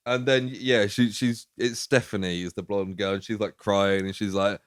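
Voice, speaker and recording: A man's voice: fairly low pitch, fairly even intonation, normal speed, no room sound, clean studio sound. A man co-hosting a podcast, talking about a film in a casual, sweary way and asking incredulous questions. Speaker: podcast co-host.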